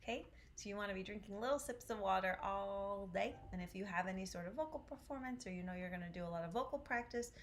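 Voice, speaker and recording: A woman's voice: mid-range voice, fast talker, hardly any pauses. A woman with an Upstate New York accent coaching singers in a live online lesson. She talks chattily and keeps checking in with the class. A faint hum of noise sits behind her voice. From Syracuse, New York. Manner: chatty, encouraging, checks in with "okay?". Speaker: vocal coach.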